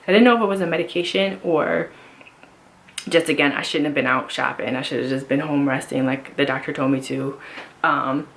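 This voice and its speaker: A woman's voice: low voice, brisk, creaky, a little hiss or hum. A woman vlogger giving a casual personal health update, rambling with many fillers and restarts.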